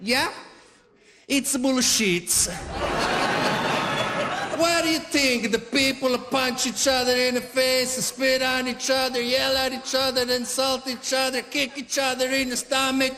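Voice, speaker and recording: A man playing a blunt, dismissive Italian father who scoffs gruffly in drawn-out words. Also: very high voice, flat delivery, pushed and bright, big-room sound, a little hiss or hum, voice pushed up, exaggerated voice. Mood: scoffing.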